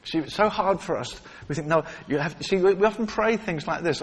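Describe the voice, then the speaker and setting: A man's voice: high-pitched, brisk, hardly any pauses, slightly rough. A man preaching a sermon, telling stories with emphatic repetition and acting out the quoted lines. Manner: animated storytelling, acts out quotes, emphatic repetition. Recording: long reverb of a large hall.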